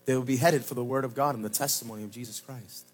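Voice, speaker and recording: A man pastor preaching a sermon at a church service, swinging from shouted lines to low, slow emphasis. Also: steady tone, faint music behind.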